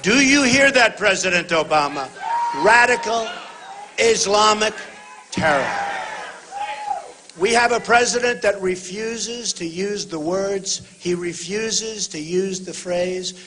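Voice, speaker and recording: A man giving a campaign rally speech on a stage microphone in a large venue. He speaks emphatically in short repeated phrases, often shouting to the crowd and calling them folks. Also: high-pitched, unhurried, few pauses, background noise. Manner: talks directly to the audience, addressing them as folks. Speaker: political candidate speaking at a rally.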